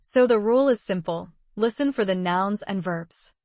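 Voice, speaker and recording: Woman teaching english, steady and clear, middle pitch, dry close sound. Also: no room sound. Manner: clear, measured teaching delivery. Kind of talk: scripted lesson narration.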